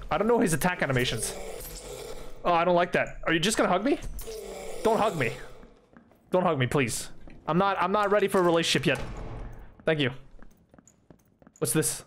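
A young man giving excited, swearing commentary on his own gameplay, talking to himself and taunting enemies. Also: fairly high pitch, normal speed, long pauses, a little hiss or hum. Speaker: gaming streamer.

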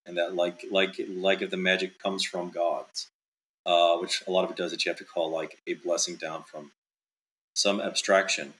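Man, very low pitch, bright forceful tone, casual author interview, rambling, filler-heavy. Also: little pitch movement, normal speed, slight background noise, low-quality recording. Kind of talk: casual chat.

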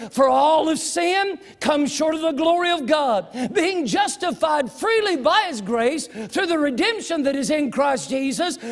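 Man, pastor, very high voice, fiery sermon, shouted emphasis, reverberant church hall. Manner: preaching with shouted emphasis, reading scripture aloud. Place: church sanctuary.

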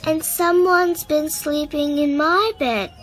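A woman's voice: high voice, steady tone, takes it slowly, soft background music. A woman voicing a fussy, exclaiming panda mother in a children's storybook. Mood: upset. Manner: exclaiming, yelling.

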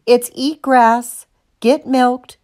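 A woman's voice: fairly high pitch, fairly even intonation, extremely slow, a little mellow, voice pushed up. A woman voicing a stubborn, dreamy female cow who whines and pleads dramatically. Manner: whiny, dramatic.

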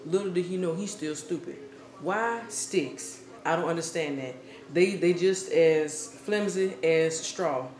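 A woman vlogger telling a story in a comic, casual way, slangy and animated, often breaking into laughter. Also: fairly low pitch, a little slow, soft background music. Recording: echoey room with faint hiss.

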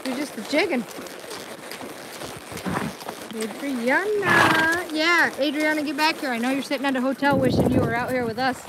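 A woman's voice: high-pitched, brisk, heavy background noise. A woman live-streaming on her phone while riding a horse on a trail outdoors, chatting casually and coaxing her dog along in a sing-song voice.

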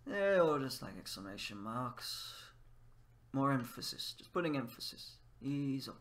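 A man's voice: medium pitch, big pitch swings, normal speed. A man giving casual gameplay commentary while teaching Japanese, trying out phrases and explaining them in English as he plays. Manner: switches between Japanese phrases and English explanations, musing aloud. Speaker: language teacher playing a game.

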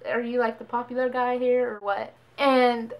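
A young woman talks straight to her viewers in a loose, chatty storytime voice. Her pitch sits a little high, and she jumps into quick impressions of the people in her story. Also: muffled recording. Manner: chatty, animated quoting of others. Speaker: vlogger. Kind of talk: casual storytime.

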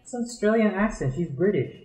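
A man's voice: high voice, animated, fast, darkish tone, echoey room, low-quality recording. A man chatting casually while playing a game, blunt and teasing. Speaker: gamer, show regular. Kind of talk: casual gaming chat.

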